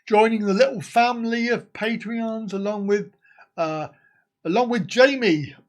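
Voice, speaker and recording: A man's voice: high voice, measured pace, a faint crowd. A man hosting a casual live stream, chatting and laughing as he answers viewer comments.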